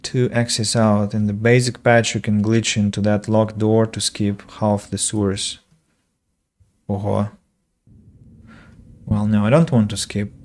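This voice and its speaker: Lowish and darkish, this man's level voice keeps a measured pace broken by long pauses. A game streamer and English teacher, he rambles through casual let's-play commentary, self-correcting, using plenty of fillers, and answering viewers aloud.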